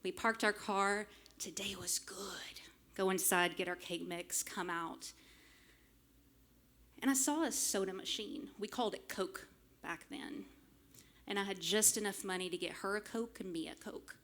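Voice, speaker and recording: A woman, telling a humorous personal story live on a club stage into a microphone, lively and self-mocking with frank swearing. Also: mid-range voice, moderate pace, slight background noise. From small town in Arkansas, US. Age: late 30s. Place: stage of a small music club. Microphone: stage microphone fed straight from the soundboard.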